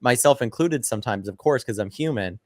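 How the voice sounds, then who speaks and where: A man's voice: mid-range voice, animated, fairly quick, no echo, studio quality. A young man chatting casually as co-host, rambling and thinking aloud, with the odd swear word. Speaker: co-host, host's son. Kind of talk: casual chat.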